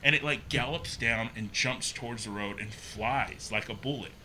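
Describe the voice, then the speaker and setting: A young man casually telling a ghost story, animated and acting out the quotes. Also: normal speed, slight background noise. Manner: animated, acts out quotes with pitch jumps.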